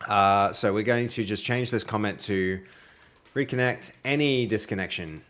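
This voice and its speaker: A man's voice: fairly low pitch, normal speed, fairly bright tone. A young man with an Australian accent chats casually to his stream audience while he works through code. His talk is friendly and loose, packed with fillers. He reads viewers' messages aloud as they come in. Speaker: livestreaming programmer. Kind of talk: casual live-stream chat while coding.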